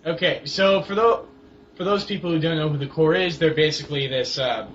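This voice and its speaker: A young man with a fairly high voice rambles through a casual wrestling chat, often stalling on fillers and restarts. The recording sounds dull and lo-fi, with a faint hiss underneath. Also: a little fast, a bit bright. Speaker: co-host of a wrestling blog.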